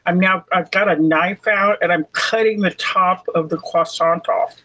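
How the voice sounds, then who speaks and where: A woman's voice: on the low side, steady tone, normal speed, bright, forceful tone, low-quality recording. Rambling woman telling digressive stories from her apartment, eating as she talks. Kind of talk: casual chat.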